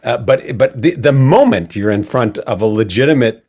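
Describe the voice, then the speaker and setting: An American man hosting an interview, asking questions in a halting way with many restarts and easy laughter. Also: medium pitch, lively intonation, darkish tone. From United States. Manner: halting, full of fillers and restarts, laughs easily. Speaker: podcast host. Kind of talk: casual interview.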